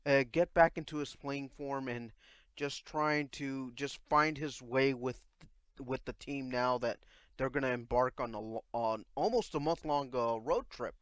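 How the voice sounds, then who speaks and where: A man hosting a sports podcast and asking a guest questions. His voice is smooth and resonant at an ordinary pitch, with a dry, close sound. He stumbles and restarts often as he works toward each question. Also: a bit bright, dry recording. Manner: halting, with many fillers and restarts. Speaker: podcast host. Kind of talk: casual interview chat.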